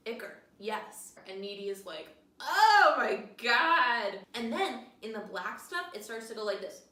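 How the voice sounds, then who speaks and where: A young woman hosting a podcast, tipsy on wine, recapping a film in a jokey, animated way and acting out quotes. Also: medium pitch, normal speed. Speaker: podcast host. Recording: echoey room, distant mic, faint noise.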